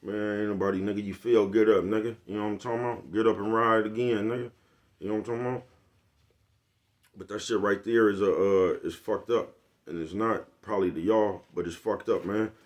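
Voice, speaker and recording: A man's voice: lowish voice, fairly even intonation, a little fast. An older man, giving a blunt, preachy, profane motivational monologue to his viewers. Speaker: vlogger.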